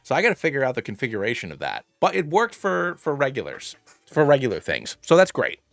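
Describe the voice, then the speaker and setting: Lively, rambling male game streamer. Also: medium pitch, fast talker, gravelly, no room sound, faint music behind. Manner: rambling, excitable, thanks viewers by name. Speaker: streamer playing a fusion monster game. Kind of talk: casual live-stream chat and game commentary.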